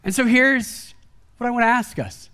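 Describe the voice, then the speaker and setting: A man preaching a sermon in a casual, conversational way, animated and acting out quoted lines. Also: very high-pitched, normal speed, clear, resonant tone. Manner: casual and chatty, peppered with "like" and "kind of"; animated, acts out quoted speech with a raised voice. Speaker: guest preacher. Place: church service.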